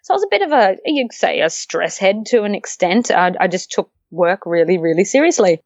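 A woman with an Australian accent, chatting as an interview guest and telling lively stories with frequent laughter. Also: medium pitch, a little fast, dry recording, lo-fi sound. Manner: animated storyteller, laughs often, acts out quotes. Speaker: interview guest, long-distance hiker. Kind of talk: casual interview chat.

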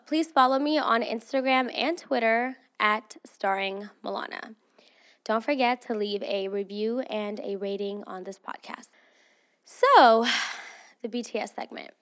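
A woman's voice: fairly high pitch, a bit bright. A young woman hosting her own podcast, chatting casually with a stuffy, nasal voice from allergies, profane and playfully scolding her listeners. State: congested from allergies. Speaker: podcast host. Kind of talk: casual chat.

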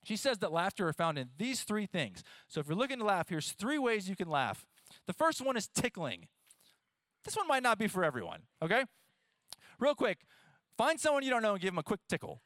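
A man in his thirties preaching a sermon, playful and animated, talking straight to his audience. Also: sits high, a little fast, no room sound. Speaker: pastor.

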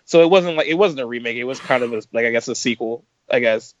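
A man's voice: medium pitch, fast, no room sound, highs cut off. Rambling man chatting about movies. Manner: rambling, lots of "like" fillers. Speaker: podcast co-host. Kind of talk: casual chat about movies.

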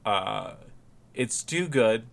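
A man's voice: on the low side, expressive, drawn-out words, gravelly. A man co-hosting a podcast in casual chat, rambling through restarts and laughing often. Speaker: podcast co-host.

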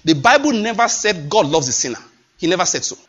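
Impassioned high-voiced preacher. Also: male voice, sing-song, fairly quick, fairly bright tone, husky. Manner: impassioned, emphatic, repeats phrases. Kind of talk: sermon. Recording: dull lo-fi recording.

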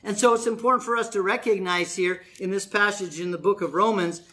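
A pastor delivers an earnest sermon to his church, and his voice has a bright, forceful edge. He keeps turning to the congregation with rhetorical questions. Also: sits high, fairly even intonation, fairly quick.

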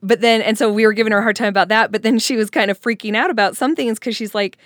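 A woman's voice: fairly high pitch, steady tone, fast, a bit bright, no echo, clean studio sound. A woman co-hosting a casual chat and telling a chatty family anecdote.

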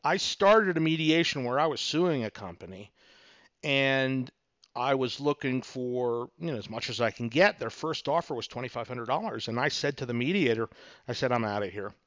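A man's voice: medium pitch, lively intonation, moderate pace, a bit bright, no echo, muffled recording. A middle-aged man hosting a podcast, teaching in a casual, conversational way with many fillers and little acted-out exchanges. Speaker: podcast host, attorney and investor.

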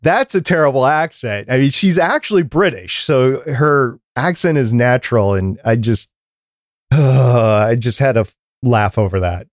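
A man's voice: mid-range voice, measured pace, no room sound, clean studio sound. A man hosting a podcast, chatting casually and musing aloud, often hedging his guesses. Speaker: podcast host. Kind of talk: casual chat.

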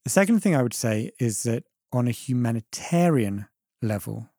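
Male debate panelist, husky dark tone, dry sound, thoughtful with stumbling restarts. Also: mid-range voice, lively intonation, moderate pace, no echo. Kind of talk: debate argument.

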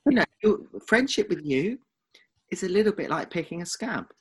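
A man's voice: sits high, big pitch swings, moderate pace, slight background noise. A man with an Essex accent co-hosting a podcast in casual chat, teasing and protesting dramatically. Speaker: podcast co-host.

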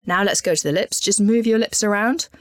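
A woman, calmly guiding listeners through voice warm-up exercises as a voice coach and demonstrating the sounds herself. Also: mid-range voice, fairly quick, no echo, studio quality. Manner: calm, instructive, demonstrating sounds.

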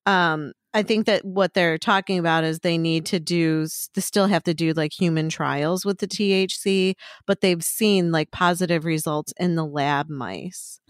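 Chatty middle-aged woman, slightly low voice. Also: fairly even intonation, normal speed, few pauses, no room sound, studio quality. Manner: chatty storyteller, frequent "like" and restarts. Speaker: podcast co-host. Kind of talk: casual chat.

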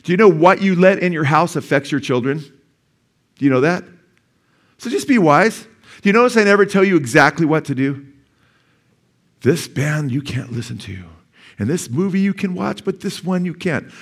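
A man's voice: fairly high pitch, lively intonation, moderate pace, long pauses. A middle-aged male pastor preaching a sermon in a church, talking conversationally and asking the congregation questions.

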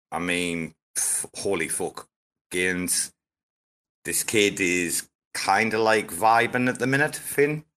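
A man's voice: fairly low pitch, fairly bright tone. A man hosting a casual live audio-room chat, rambling, swearing heavily and hyping things up. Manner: profane, rambling, hyped-up. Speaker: host.

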